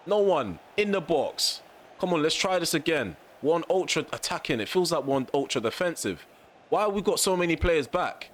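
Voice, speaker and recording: A young man commentating on his football video game, ranting at the referee, then calmly recapping for viewers. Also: a little high, moderate pace, a little hiss or hum. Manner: exasperated ranting at the referee, shouting. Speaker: gaming YouTuber. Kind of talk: gameplay commentary.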